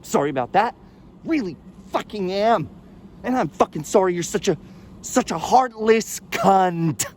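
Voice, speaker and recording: Man, an actor playing a resentful, cruel husband, lively swinging pitch, stammering and cursing. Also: moderate pace, long pauses, slight background noise. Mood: spiteful. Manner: hesitant then spiteful, swearing. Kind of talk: dramatic monologue.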